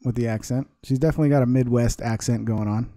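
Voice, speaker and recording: A man's voice: medium pitch, steady tone, quick pace, dark tone, no room sound. A man hosting a casual live stream, rambling and laughing often while reading chat comments aloud. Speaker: livestream host.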